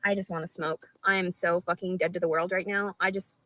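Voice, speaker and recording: A woman's voice: lowish voice, steady tone, fairly quick, sharp tone, a little hiss or hum, poor audio. Rambling, profane woman on a live stream. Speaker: livestreamer.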